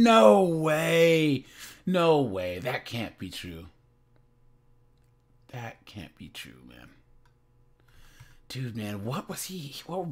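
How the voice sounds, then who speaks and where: Slow, rambling man talking to his viewers. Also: on the high side. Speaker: reaction commentator. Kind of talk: casual rambling commentary.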